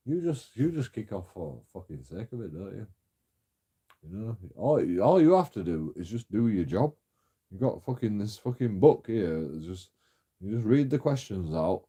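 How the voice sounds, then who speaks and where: A man's voice: medium pitch, dark tone. A young man telling a story in a casual, sweary rant, often laughing and mocking. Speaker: vlogger. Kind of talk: casual ranting monologue.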